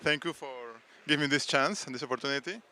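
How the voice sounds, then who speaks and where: A man from Peru, a startup founder giving a conference pitch with many hesitations and restarts. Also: fast, bright, forceful tone. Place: conference stage.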